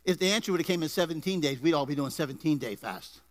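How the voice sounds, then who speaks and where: A man preaching a sermon to a congregation, energetic, with rising emphasis and asides to the people in the pews. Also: fairly high pitch, quick pace. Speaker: pastor. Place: church before a congregation.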